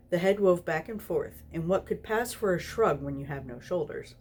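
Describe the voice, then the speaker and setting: A woman's voice: fairly low pitch, expressive, normal speed, few pauses, darkish tone, a little hiss or hum. A tipsy woman reading a story aloud, giggling through it. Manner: giggly, snorty laughs while reading. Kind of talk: reading fan fiction aloud.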